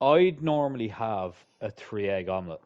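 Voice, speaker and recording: Male podcast co-host, lowish voice, dry teasing humour, swears casually, lo-fi. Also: expressive, normal speed. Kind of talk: casual chat.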